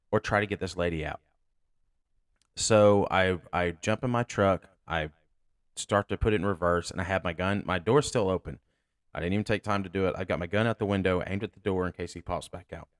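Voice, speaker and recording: Low-voiced, blunt, profane man. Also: a little fast, dry recording, studio quality. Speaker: sheriff's deputy and podcast host. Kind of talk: casual storytelling.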